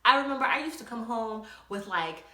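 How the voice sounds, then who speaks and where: A young woman vlogger telling a casual story, animated, laughing often and acting out quotes. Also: on the high side, fast, roomy sound.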